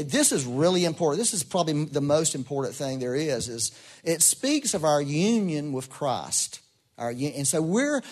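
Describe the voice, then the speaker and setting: Man, middle-aged pastor, storytelling sermon, animated quotes. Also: on the high side. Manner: folksy, storytelling, animated quoting.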